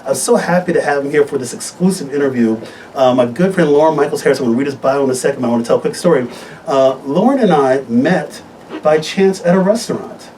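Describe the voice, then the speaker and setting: Doc guy hosting a studio health show, bouncy pitch, mic a bit far off, light hiss. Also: fast talker. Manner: upbeat, animated storytelling with wide pitch swings. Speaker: host, physician. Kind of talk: live radio health talk show. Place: radio studio.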